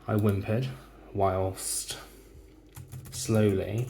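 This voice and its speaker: Slow, low-voiced man dictating a story lesson. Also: flat delivery, vocal fry, noisy background. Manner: slow, deliberate dictation, speaking punctuation aloud. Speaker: teacher. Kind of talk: typing while dictating a model story.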